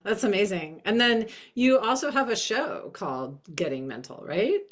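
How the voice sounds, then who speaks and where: A woman's voice: medium pitch, sing-song, moderate pace. A woman hosting a podcast interview, affirming her guest and asking friendly questions. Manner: warm, affirming, asks questions. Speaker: podcast host. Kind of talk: casual interview.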